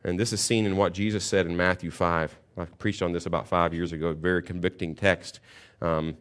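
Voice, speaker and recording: A middle-aged man, a pastor, preaching a sermon and telling a story, going from calm teaching to loud bursts. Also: low-pitched, fairly quick, smooth.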